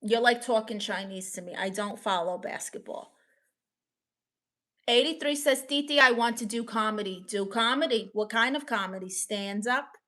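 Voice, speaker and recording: A woman's voice: a little high, moderate pace, a bit bright. A woman with a New York accent hosting a livestream, reading the chat and giving playful, sassy advice.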